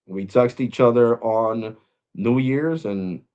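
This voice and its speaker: Man, blunt mocking rant, mid-pitched voice, dull lo-fi sound. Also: slow, darkish tone. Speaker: vlogger. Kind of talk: opinion rant to camera.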